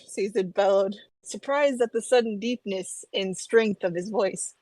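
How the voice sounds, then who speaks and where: Female co-host, casual and chatty, mid-pitched, dry recording. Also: unhurried, hardly any pauses, darkish tone, dry recording, poor audio. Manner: chatty, many "like"s and "you know"s, laughs often. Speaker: podcast co-host. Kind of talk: casual book discussion.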